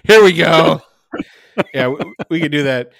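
A man's voice: on the high side, measured pace, vocal fry, a bit bright, no echo. Restless, rambling male podcast co-host. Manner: rambling, restless, swears casually. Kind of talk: casual chat. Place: at his desk, recording remotely.

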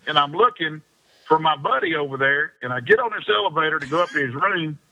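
A man's voice: a little high, expressive, quick pace, pushed and bright. A man, an interview guest spinning long rambling anecdotes in a casual chat and laughing often. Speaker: interview guest, fishing pro. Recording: dull lo-fi sound.

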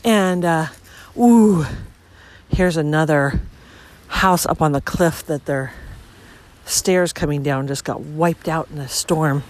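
A woman hosting a podcast as she walks along a beach, talking casually with lots of ums and bursts of excitement. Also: on the low side. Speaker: podcast host. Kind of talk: casual walking monologue. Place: outdoors on a beach.

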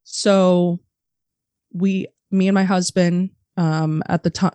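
A woman's voice: fairly low pitch, slow pace, clean tone, no room sound. A young adult woman telling a story as a podcast guest, blunt and swearing freely, acting out the voices of people she quotes. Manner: blunt, animated, acts out quoted dialogue. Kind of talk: candid storytelling, lots of swearing.

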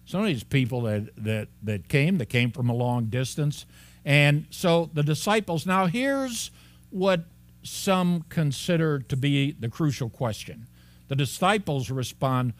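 A man preaching a sermon in a church, with a mid-range voice that rises high and loud when he acts out the story. His delivery is animated, with frequent laughs and quick asides. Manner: animated, laughs often, acts out disciples' lines. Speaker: pastor. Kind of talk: expository sermon.

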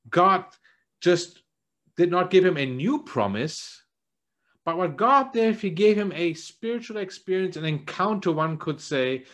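In an earnest sermon, a man who is a church elder keeps repeating words as he works out how to phrase things. Whenever he quotes a line, he lowers his voice and speaks softly.

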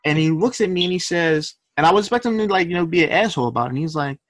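A man's voice: a little high, animated, racing, a bit bright, no echo. A young man, a rapper guest, telling stories in a laid-back, profane, slangy way during a casual interview.

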